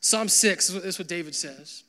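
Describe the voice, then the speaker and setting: A young man preaching a sermon as pastor, talking to his congregation in a casual, animated way with lots of filler words. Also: sits high, normal speed. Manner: conversational, animated, full of "like" fillers.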